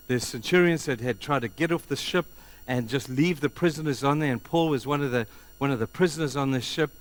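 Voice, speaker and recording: A man who is a pastor, preaching a passionate sermon to a congregation in a church and acting out the voices he quotes. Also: medium pitch. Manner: impassioned, acts out quoted voices. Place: church hall before a congregation.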